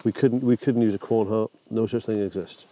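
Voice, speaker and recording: A man's voice: fairly low pitch, fairly even intonation, brisk, warm tone, slight background noise. A man co-presenting a comedy documentary, rambling and whimsical in his banter. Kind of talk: comic banter.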